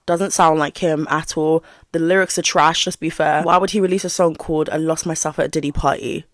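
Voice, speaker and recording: A woman's voice: sits low, fairly even intonation, brisk. A woman giving casual commentary on a video channel, speaking frankly and straight to her viewers. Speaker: YouTube commentator.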